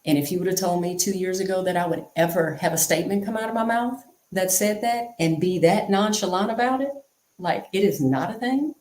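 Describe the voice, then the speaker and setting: A woman talking as an interview guest, telling stories candidly in an animated, chatty way and repeating phrases for emphasis. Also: fairly low pitch, a little fast, roomy sound. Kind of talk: candid conversational storytelling.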